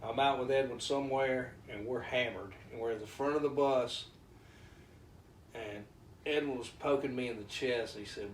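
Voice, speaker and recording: A man pauses and hedges as he introduces old friends, full of fond stories. He sounds far from the mic in an echoey room, with a faint hiss in the background. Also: mid-range voice. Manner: hesitant, affectionate, many fillers. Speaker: honoree introducing guests.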